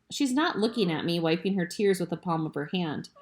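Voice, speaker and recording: A woman's voice: lowish voice, lively intonation, a little fast. A mother reading a book aloud at home as a bedtime story to her children.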